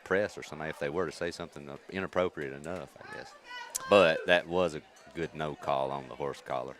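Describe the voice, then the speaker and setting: Deep-voiced football color commentator. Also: male voice, a little fast. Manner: chatty, explaining rules and plays with fillers. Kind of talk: live sports commentary.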